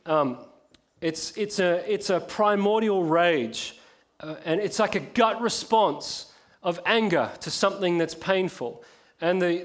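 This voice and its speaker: A male preacher with a notably high voice delivers a sermon. He talks with passion, sinking to a hush and then building to emphatic force. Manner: impassioned, swings from hushed to emphatic.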